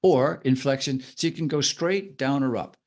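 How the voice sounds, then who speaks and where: A man's voice: medium pitch, darkish tone. A man co-hosting a podcast in casual discussion, illustrating his points by stretching words out, dropping to a whisper and playing with inflection. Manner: demonstrative, acts out vocal tricks with drawn-out words and whispers. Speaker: podcast co-host.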